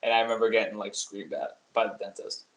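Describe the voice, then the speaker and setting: A man's voice: fairly low pitch, flat delivery, fast. Rambling young man in a roomy room. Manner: rambling storyteller, swears freely. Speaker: podcast co-host. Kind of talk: casual chat. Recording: roomy echo.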